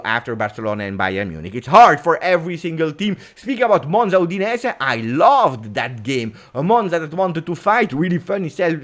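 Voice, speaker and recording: Animated Italian-accented man. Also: fairly high pitch. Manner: animated, emphatic, sudden swings in loudness; peppers English with Italian exclamations. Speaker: football channel host. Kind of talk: football recap vlog.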